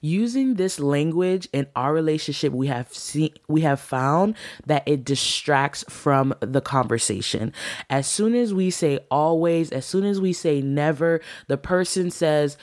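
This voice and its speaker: A woman's voice: low voice, animated, unhurried, a little mellow, dry recording, clean studio sound. A woman teaching a class on marriage, earnest and encouraging, speaking straight to her listeners.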